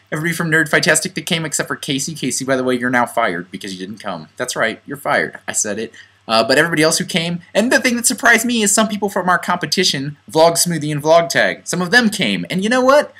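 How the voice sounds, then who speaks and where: Young man, casual vlog, jokey, rapid speech, bright sharp voice. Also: a little high. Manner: playful, jokey, rambling. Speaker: vlogger.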